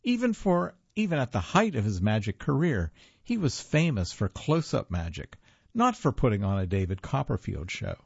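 Guy in his 50s reading his own book, deadpan jokes, gravelly husky voice, dull dry lo-fi sound. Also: mid-range voice, normal speed, no echo. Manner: wry, deadpan humor. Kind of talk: first-person memoir narration.

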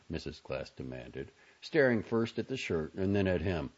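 A man narrating a novel as an audiobook, reading in a measured, expressive storytelling manner. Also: very deep voice, husky, muffled recording.

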